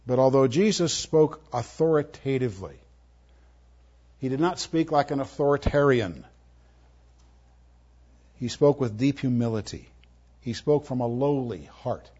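A man preaching a sermon, moving between emphatic, forceful lines and soft, tender ones. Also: medium pitch, slightly rough. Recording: muffled, lo-fi audio.

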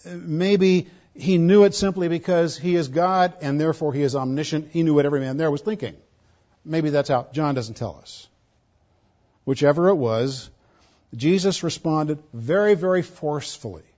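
A pastor preaching an expository sermon, stressing points loudly and then dropping to quiet asides. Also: male voice, a little high, dull audio. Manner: emphatic, swinging between loud stresses and quiet asides.

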